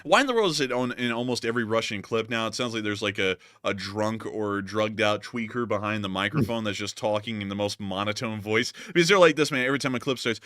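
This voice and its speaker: A man's voice: fairly low pitch, lively intonation, fast, few pauses, a bit bright, no room sound, clean studio sound. A man hosting a casual commentary show over war clips, joking, laughing and exclaiming as he reacts. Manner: jokey, laughing, exclaims "holy moly", mocks voices. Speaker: war news commentary host.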